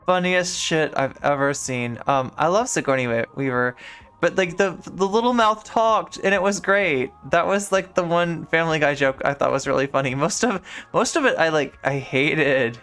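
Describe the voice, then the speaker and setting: A woman streams a game and chats casually, rambling with lots of filler words. Her voice is smooth and clear. Faint game music plays underneath. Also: low voice, normal speed, fairly bright tone. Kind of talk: casual live-stream chat while gaming.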